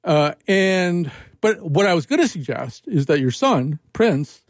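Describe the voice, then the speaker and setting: This male radio talk show host has a fairly high voice with big pitch swings and an unhurried delivery, recorded at studio quality with no room sound. His casual chat rambles and jokes along, full of self-interruptions and restarts.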